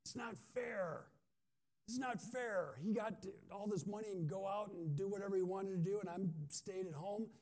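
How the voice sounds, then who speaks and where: A man's voice: sits high, normal speed, a little mellow, pitched above the performer's own voice, natural voice. A man voicing a resentful grown older son who complains that things are unfair, in a whiny, indignant tone.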